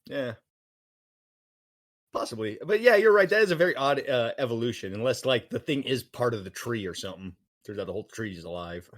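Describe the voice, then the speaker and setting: Male co-host, lively voice, jokey riffs and silly asides. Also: medium pitch, brisk. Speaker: podcast co-host. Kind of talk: casual chat.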